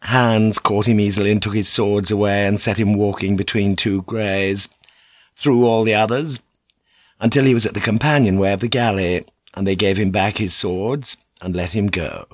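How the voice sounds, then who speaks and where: A man reading an audiobook aloud in a measured, dramatic storytelling manner, recorded in a studio. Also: fairly low pitch, steady tone, no room sound. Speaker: audiobook narrator. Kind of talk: scripted audiobook narration.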